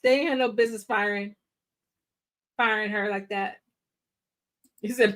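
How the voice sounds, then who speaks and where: Woman host, casual film reaction, high-pitched, animated slang-filled chatter. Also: moderate pace, long pauses. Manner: playful and exclaiming, using slang, talking to viewers. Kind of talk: casual movie reaction commentary.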